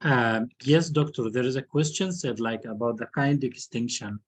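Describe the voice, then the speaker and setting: A man's voice: mid-range voice, normal speed. A man with an Arabic accent hosting, politely and a little hesitantly relaying audience questions. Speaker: host.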